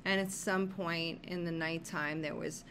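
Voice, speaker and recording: Brief: lower-voiced woman caregiver, shaken and worried, halting video-diary talk, faint room hum behind. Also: fairly even intonation, fairly bright tone. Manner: halting, repeats herself, many fillers. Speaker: caregiver to her husband.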